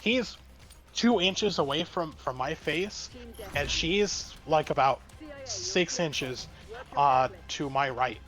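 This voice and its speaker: A man guest telling a work story in a casual, halting way, full of fillers and restarts. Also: fairly high pitch, lively intonation, a bit bright, faint music behind. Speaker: streamer guest.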